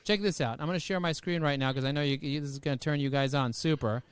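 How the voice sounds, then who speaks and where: A man talking as a podcast guest over a video call, high-energy and jokey, full of rhyming catchphrases. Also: quick pace, background noise. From United States.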